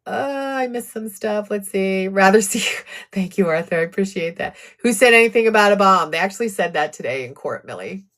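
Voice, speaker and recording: A woman's voice: mid-range voice, expressive, a little fast, fairly bright tone. Woman, true crime streamer, mid-range voice, casual conversational delivery, reads comments aloud, sarcastic asides.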